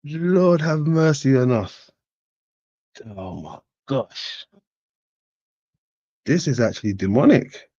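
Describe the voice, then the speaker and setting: Slow-drawling man with a swinging pitch, reacting. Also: sing-song, warm tone, no echo, highs cut off. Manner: profane, laughing, slow drawling remarks. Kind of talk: casual reaction commentary.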